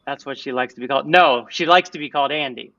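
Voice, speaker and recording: A man's voice: medium pitch, fast, sharp tone, no echo, recorded from a distance, dull audio. A man hosting a casual livestream chat, playful and giggly, breaking into goofy little songs. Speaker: livestream host.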